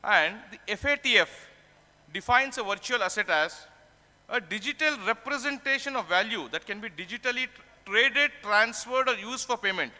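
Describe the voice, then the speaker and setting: A man's voice: high voice, expressive, moderate pace, sharp tone, in a large hall. A man giving a conference lecture, explaining terms and posing questions to himself before answering them. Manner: explanatory, asks and answers his own questions. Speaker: tax conference speaker. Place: conference hall.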